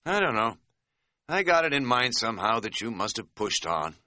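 A man's voice: medium pitch, big pitch swings, moderate pace, sharp tone, no room sound, studio quality. A man voicing a scatterbrained middle-aged hiking buddy who talks in a folksy, rambling, self-mocking way. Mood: rambling sheepish. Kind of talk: audiobook character voice.

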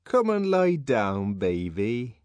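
A man reading an audiobook, voicing a fretful, tipsy middle-aged woman with shrill, pleading outbursts. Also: sing-song, takes it slowly, a little mellow, no echo. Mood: coaxing. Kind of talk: audiobook character voice.

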